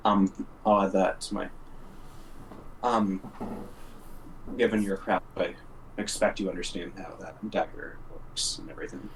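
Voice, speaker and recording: Player, man, very low voice, hesitant with fillers. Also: steady tone, unhurried, long pauses, distant mic, a little hiss or hum, poor audio. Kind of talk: casual tabletop play.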